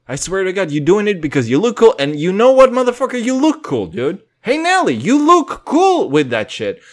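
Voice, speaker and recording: Young guy rambling on his podcast, swears a ton, voice jumps all over the place. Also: high voice. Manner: rambling, swearing, jumps between loud and quiet, mock voices and singing. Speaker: podcast host. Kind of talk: casual profane monologue.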